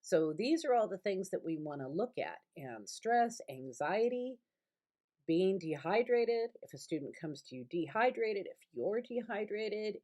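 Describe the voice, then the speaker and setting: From her home, a middle-aged college instructor with a lowish, slightly mellow voice records an online lecture. She rambles conversationally, with many fillers and restarts.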